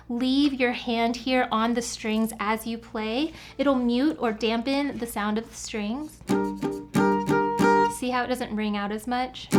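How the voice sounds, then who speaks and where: A woman teaching a beginner guitar lesson step by step, counting the beats aloud as she strums. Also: on the high side. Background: acoustic guitar playing.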